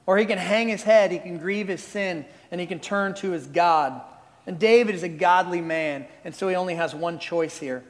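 A male pastor in his forties preaching with animated, conversational storytelling. His voice sits high for a man. It carries a long reverb, as if from a large hall. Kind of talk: sermon.

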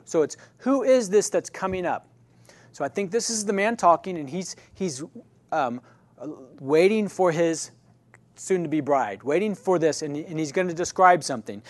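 A fairly high-voiced man teaching a Bible class. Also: a little mellow, no room sound. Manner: conversational, keeps checking in with "right?"; restarts and self-corrections.

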